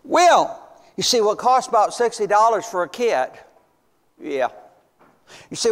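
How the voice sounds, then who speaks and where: A man's voice: high voice, expressive, a little slow, pauses often. A man in his seventies, a visiting missions preacher telling stories in a folksy sermon, stumbling over restarts and breaking into joyful whoops. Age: 70s. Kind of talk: storytelling sermon. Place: church sanctuary. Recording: long church reverb.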